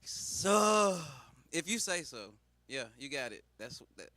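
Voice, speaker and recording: High, bright profane comedian. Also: male voice, very animated, slow, no room sound. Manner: preachy mock-sermon call-outs. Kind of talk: profane stand-up riff.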